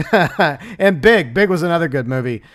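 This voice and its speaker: A man's voice: a little high, sing-song, unhurried, a bit bright, slight background noise. A man hosting a casual livestream, chatting and laughing as he answers messages from his chat. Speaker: livestream host.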